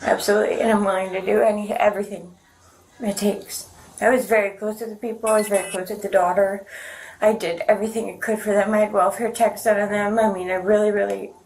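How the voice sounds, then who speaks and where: A woman's voice: medium pitch, level tone, fast talker, a little mellow, a little hiss or hum, poor audio. A woman questioned by police as a suspect, answering in a rambling, hesitant and defensive way. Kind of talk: police interview.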